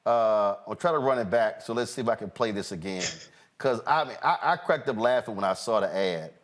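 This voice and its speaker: A male talk-show host giving animated, mocking political commentary, often halting and restarting. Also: lowish voice.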